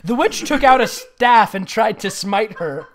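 A man's voice: high voice, animated, unhurried, a bit bright. A man reading bad fan fiction aloud with friends, often breaking into giggles. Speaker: fanfic reader.

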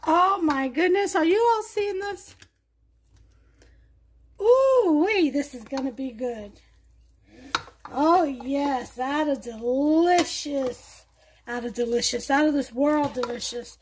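A woman with a Brooklyn accent hosting a home cooking show, chatting warmly to viewers as she demonstrates a recipe. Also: high voice, unhurried, slight background noise. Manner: chatty, enthusiastic, talks to viewers. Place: home kitchen.

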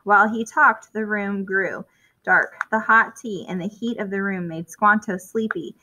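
A woman reading a children's chapter book aloud at a clear, even storytelling pace. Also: medium pitch, measured pace, a little hiss or hum, low-quality recording. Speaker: storybook reader.

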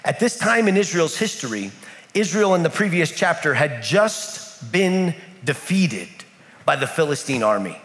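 A man's voice: on the high side, sing-song, measured pace, a bit bright. A man from the United States preaching a sermon in a church in Kenya, telling a story with lots of repetition. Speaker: pastor. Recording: echoey church hall.

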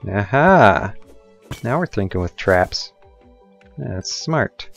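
A young man talks through his gameplay in a relaxed, rambling way. His voice sits deep and low, and he drifts into goofy, self-mocking asides. Faint music plays softly behind him. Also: slow, gravelly. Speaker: let's play gamer. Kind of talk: casual gameplay commentary.

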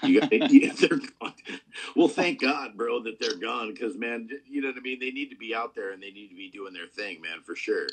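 A man's voice: lowish voice, brisk, hardly any pauses, a bit bright, husky, rough recording. A man hosting a podcast in loose casual talk, rambling with lots of "man" and "dude" and heavy swearing. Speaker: podcast host. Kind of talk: casual conversation.

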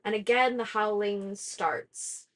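A woman's voice: medium pitch, fairly even intonation, slow pace, fairly bright tone. Chatty young woman retelling a story. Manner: chatty, lots of "like" fillers, laughs at herself. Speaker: book discussion host. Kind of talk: casual plot summary chat.

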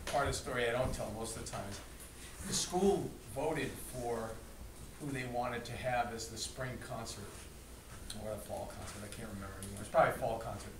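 A man casually telling a lively anecdote to a group, acting out quotes and laughing along. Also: medium pitch, brisk, background noise. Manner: animated, laughing, acts out quotes. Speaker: storyteller recounting a memory. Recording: echoey room, distant mic, crowd behind.

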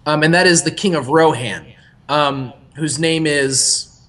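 Bright, high-voiced rambling young man. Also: unhurried. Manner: rambling, self-interrupting, animated. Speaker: podcast co-host. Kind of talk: casual podcast chat.

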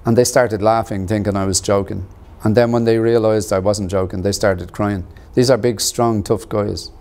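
Middle-aged guy telling his story, kinda low voice, slow and earnest with lots of uhs. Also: steady tone, mellow. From Ireland. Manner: measured and earnest, with pauses and fillers. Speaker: actor and author interviewed about his book. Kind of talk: reflective personal storytelling.

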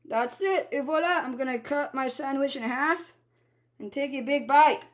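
High-voiced playful woman vlogger. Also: normal speed. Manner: playful, chatty, bursts into loud exclamations. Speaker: vlogger and entertainer. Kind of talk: casual talk to camera while making a sandwich.

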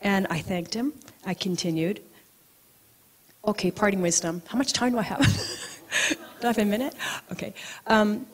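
The acupuncturist speaks at normal speed with a mid-range voice, pausing often during her personal storytelling talk at an event venue. She laughs and acts out the characters and quotes in her stories with animation.

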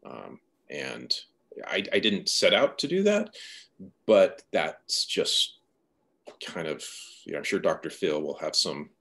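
A man with a low, deep voice talks about his writing in a relaxed, reflective way. He is the guest in an interview, soft-spoken and personal. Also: takes it slowly, creaky, pauses often. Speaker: novelist guest.

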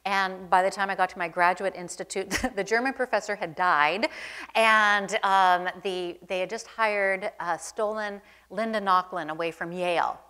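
A woman's voice: mid-range voice, moderate pace, sharp tone, smooth. A middle-aged woman speaks as the guest curator at a museum talk, trading anecdotes before an audience. Her delivery is chatty and self-deprecating, full of small ums and asides. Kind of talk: onstage conversation, anecdotal storytelling.

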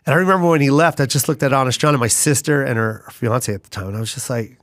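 A middle-aged man, a guest comedian, telling stories in a lively way and slipping into character voices. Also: mid-range voice, very fast, hardly any pauses, no echo, clean studio sound. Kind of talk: conversational storytelling.

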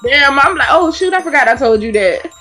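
A woman's voice: sits high, a little fast, faint music behind. A woman co-hosting a podcast, chatting casually about parenting with easy laughter. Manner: relaxed, laughing, conversational. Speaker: podcast co-host. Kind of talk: casual chat.

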